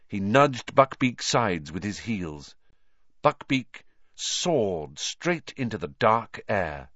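A man's voice: on the low side, very animated, slow pace, a bit bright, dry recording, dull audio. A man narrating an audiobook, reading expressively and voicing the characters.

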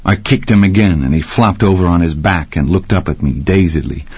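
A man's voice: deep voice, a little fast, darkish tone, husky, no echo. A man narrating a gritty first-person story with dramatic storytelling. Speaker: audiobook narrator. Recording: slightly muffled dry audio.

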